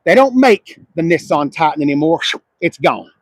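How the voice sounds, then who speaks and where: A man doing a casual car walkaround on a dealership lot, loud and excitable, swinging between low murmurs and sudden shouts. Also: normal speed, dry recording.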